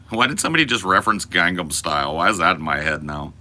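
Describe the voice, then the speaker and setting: A man's voice: low-pitched, lively intonation, fast talker, pushed and bright. A man and podcast host in a profane, exaggerated comedic rant that swings into mock panic.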